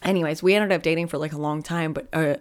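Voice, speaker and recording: A woman's voice: deep voice, steady tone, quick pace. A young woman hosting a podcast, telling frank, profane dating stories in a casual way and laughing often. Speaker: podcast host. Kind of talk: casual storytelling monologue.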